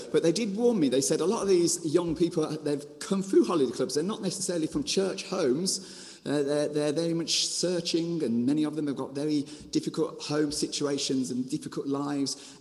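A man with a Birmingham accent and a fairly high voice preaches a storytelling sermon. He tells the story in a lively way, with restarts and asides along the way. His voice rings out with the long reverb of a large hall. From Birmingham, England. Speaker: preacher and children's ministry author.

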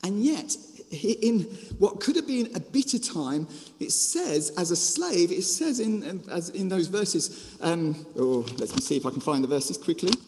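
A man with a Birmingham accent and a fairly high voice preaches a storytelling sermon. He tells the story in a lively way, with restarts and asides along the way. His voice rings out with the long reverb of a large hall. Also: measured pace. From Birmingham, England. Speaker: preacher and children's ministry author.

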